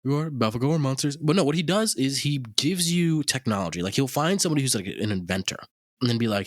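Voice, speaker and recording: A man's voice: mid-range voice, animated, fast, dry recording, studio quality. A man co-hosting a casual podcast, telling a story in a rambling, profane way with lots of fillers. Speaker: podcast co-host.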